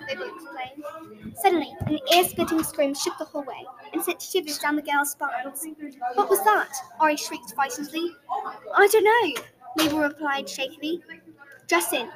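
A woman's voice: high voice, rough recording. A woman narrating a story aloud in an earnest way, with small slips and restarts. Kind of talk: storybook reading.

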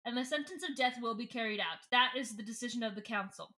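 Woman playing a stern male alien leader, cold, commanding, measured, bright tone. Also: on the high side.

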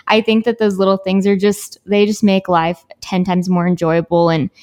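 A woman's voice: medium pitch, normal speed. A young woman in her twenties co-hosting a casual chat show, rambling with lots of filler words. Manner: relaxed, filler-heavy rambling. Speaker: podcast co-host.

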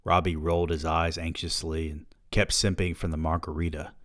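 A man hosting a podcast, reading a novel aloud with wry, deadpan asides. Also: sits low, normal speed, no room sound, clean studio sound. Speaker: podcast host.

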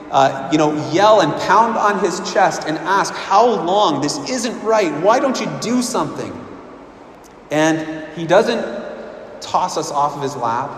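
Earnest preacher in an echoey hall. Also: male voice, a little high, a little hiss or hum. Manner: earnest, repeats words and restarts often. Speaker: pastor. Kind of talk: sermon. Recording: echoey hall with long reverb.

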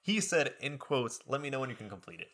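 A man's voice: medium pitch, fast. A young adult man telling a story in casual podcast chat, acting out the people he quotes. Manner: animated, acts out the people he quotes. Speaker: podcast co-host.

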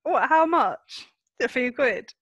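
Brief: young woman, podcast co-host, bright tone, giggly and teasing. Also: sits high, expressive, slow, slightly rough. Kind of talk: casual chat.

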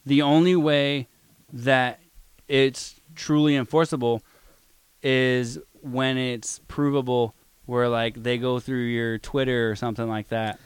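Man, mid-range voice, dry close sound, relaxed swearing streamer co-host in casual chat. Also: mid-range voice, slow pace, clear, resonant tone, no room sound. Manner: relaxed, profane, acts out quotes.

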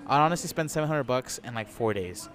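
A man's voice: mid-range voice, animated, fast talker, a bit bright. A man talking as a podcast guest in casual chat, laid-back, swearing a lot and laughing at himself.

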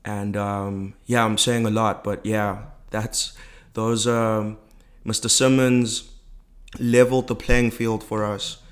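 Low flat-voiced man telling a personal story. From South Africa. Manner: reflective, halting, with many fillers. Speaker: guest. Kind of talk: personal storytelling in a podcast interview.

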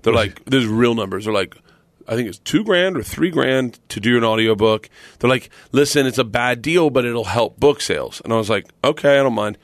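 A middle-aged man, a guest comedian, telling stories on a podcast in a casual, animated way, laughing often and acting out what others said. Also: mid-range voice, brisk, dry recording. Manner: animated, laughs often, acts out quoted voices.

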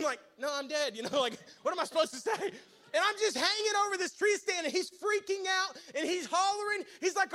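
A young man preaching a sermon, telling a funny story and calling out to his audience. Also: very high voice. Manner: energetic, joking, audience call-outs.

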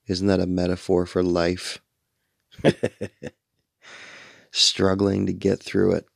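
A sleepy, yawning middle-aged radio host rambles through a late-night monologue in a very low, gravelly monotone, speaking extremely slowly. Worn out, he drifts between thoughts and swears casually, and the recording is dry and close with no room sound.

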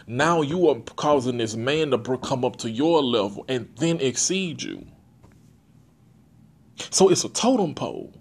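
A young man hosting his own podcast, talking bluntly and profanely in a casual, animated monologue. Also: medium pitch. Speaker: podcast host.

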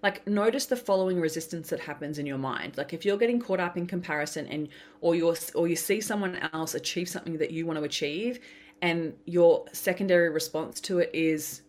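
A woman speaking in a slightly low voice, chatting as a podcast guest. She tells stories with energy and acts out the quoted voices. Her talk is casual and flowing. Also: a little fast, darkish tone. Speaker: podcast guest, business coach. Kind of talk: casual interview chat.

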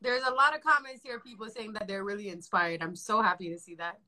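A woman's voice: mid-range voice, steady tone, a little fast, sharp tone, a little hiss or hum. A woman hosting a casual livestream, prompting her guest with questions and thanking viewers. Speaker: livestream host.

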